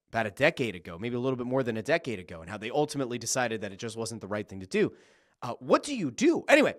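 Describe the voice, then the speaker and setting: Rich: A male podcast host with a high, bouncy voice that swoops up and down as he talks. He chats casually and excitedly, swearing freely and acting out his own reactions in quoted bursts. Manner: uses profanity freely.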